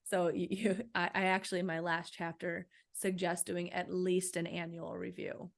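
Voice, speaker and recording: A woman with a low, gravelly voice answers interview questions about her book. She speaks in a flat, even line, gives practical coaching advice and keeps asking "right?". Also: moderate pace. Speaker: author and guest.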